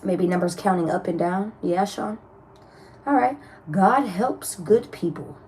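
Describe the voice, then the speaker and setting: A woman with a mellow, warm voice gives a casual tarot reading to her viewers in a chatty, blunt way. She laughs often, swears freely and calls her listeners love. A faint hiss of room noise sits behind her. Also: mid-range voice, a little slow. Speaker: tarot reader.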